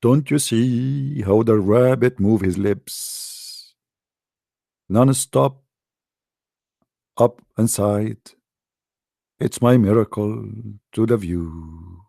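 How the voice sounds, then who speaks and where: A man doing a slow, pompous mock god. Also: on the low side, vocal fry, warm tone, no echo, studio quality, pitched below the performer's own voice, full character voice. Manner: slow, drawn-out mocking delivery. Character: boastful mock god, male, pompous and petty.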